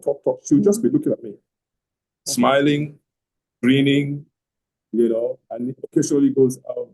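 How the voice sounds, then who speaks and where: A man in middle age tells a long story over a video call, husky and mellow in tone. He rambles, repeats himself, and starts his sentences over and over. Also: medium pitch, poor audio. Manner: rambling, repeats words and restarts often. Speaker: host telling his marriage story. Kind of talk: casual storytelling on an online call. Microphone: online video call.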